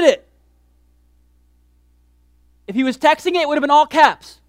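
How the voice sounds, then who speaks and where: Animated high-voiced male preacher. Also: normal speed, gravelly, long pauses, no echo, studio quality. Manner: animated preaching, swings from hushed to shouted. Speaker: pastor. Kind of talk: sermon.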